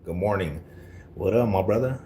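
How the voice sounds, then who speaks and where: A man's voice: low voice, normal speed, dark tone, a little hiss or hum. Brash slangy man on a livestream. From Colorado. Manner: brash, confrontational, heavy street slang. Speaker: livestreamer reading chat. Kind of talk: casual live-stream talk.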